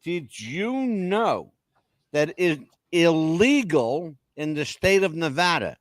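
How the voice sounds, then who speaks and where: A man's voice: a little high, sing-song, slow pace, no echo, clean studio sound. A man co-hosting a podcast in casual chat, joking and emphatic, insisting he is not making things up. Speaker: podcast co-host.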